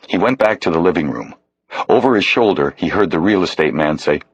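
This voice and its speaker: A male audiobook narrator reading in a measured, steady manner. His voice is very low and slightly husky. The recording is close and dry. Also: no echo, low-quality recording. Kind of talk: scripted narration.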